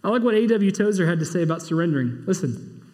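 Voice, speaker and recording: A man preaching in a high, bright voice. He swings from emphatic, rising bursts down to low, quiet asides. His words ring out with a long reverb from a church hall. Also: lively intonation, fast. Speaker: pastor. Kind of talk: sermon.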